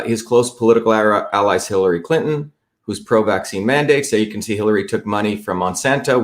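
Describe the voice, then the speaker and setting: A man hosting a live stream, talking emphatically and repeating his points as he walks viewers through a website. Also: medium pitch. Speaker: host.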